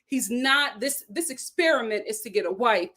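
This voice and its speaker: A woman talks animatedly and bluntly as a vlog host, recapping a show with plenty of sass. Her voice sits a little high. Her delivery stays casual and opinionated. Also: lively intonation, normal speed, fairly bright tone. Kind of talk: casual reality-TV recap commentary.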